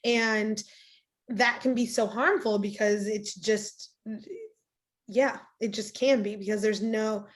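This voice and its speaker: A woman pastor talking casually as a podcast guest, animated and rambling, often restarting her sentences. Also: medium pitch, slow. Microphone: video call.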